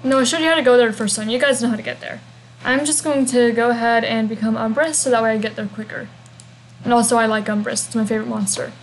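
A fast-talking young woman with a somewhat high voice and fairly even intonation rambles through a casual game walkthrough, full of hums and asides. Her rough recording has faint hiss underneath.

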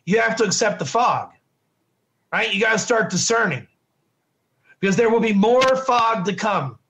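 Pitched high and a bit bright with a gravelly edge, this middle-aged man teaches Torah at a moderate pace with lively intonation. The classroom lesson is casual and repetitive, and he keeps asking his students "right?"

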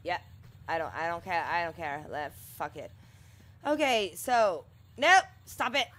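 A woman commentates on her gameplay in a bright, forward voice. She takes her time, chatting loosely and exclaiming at the screen. Her talk is casual and sprinkled with swearing. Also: fairly low pitch, lively intonation, measured pace. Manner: chatty, exclamatory, talks to the game character, swears freely. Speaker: gaming streamer.

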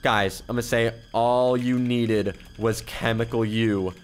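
A man hosting a gaming channel, giving excitable, exclamatory commentary as he plays and reading other players' chat aloud in his own voice. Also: medium pitch, measured pace. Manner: excitable, exclamatory, keeps repeating "oh my goodness". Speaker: YouTuber gaming host. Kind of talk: let's-play gameplay commentary.

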